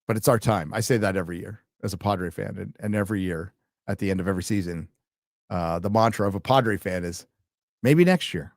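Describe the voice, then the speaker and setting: A man's voice: low-pitched, steady tone, fast talker, no echo. A man from the United States hosting a casual live stream, reading donor messages aloud and answering them with dry jokes. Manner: reads donor messages aloud, wry and joking. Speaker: livestream host reading donations.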